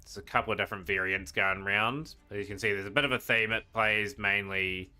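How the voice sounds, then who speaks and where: A man casually commenting while he streams a card game, rambling and trailing off into quiet asides. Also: on the low side, fairly even intonation, brisk, clear, resonant tone. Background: game music.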